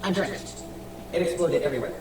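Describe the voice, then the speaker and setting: A woman's voice: fairly low pitch, fairly quick, darkish tone. A flustered woman exclaiming her way through a live sales stream from home, soaked after a mishap. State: drenched. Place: home room. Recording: roomy, distant mic with background noise.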